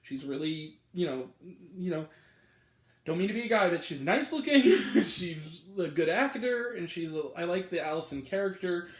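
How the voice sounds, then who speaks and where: A man's voice: sits high, animated, moderate pace, reverberant. A man giving a casual, exasperated spoken film review, rambling with lots of fillers. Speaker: movie reviewer.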